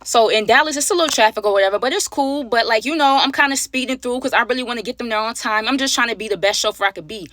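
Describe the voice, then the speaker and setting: A woman telling a story time to her viewers, animated and slangy, talking straight to them. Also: on the high side, fast, hardly any pauses, a little hiss or hum. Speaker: storyteller, channel host.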